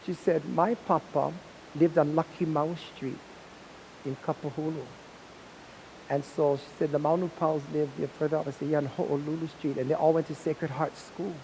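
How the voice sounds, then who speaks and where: A man's voice: on the high side, steady tone, moderate pace, vocal fry, darkish tone, slight background noise, poor audio. A Hawaiian man who teaches hula, telling a story in an interview and acting out the remembered dialogue with animation.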